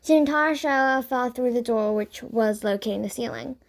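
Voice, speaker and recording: A woman narrating a children's audiobook in an expressive read-aloud manner. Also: a little high, normal speed.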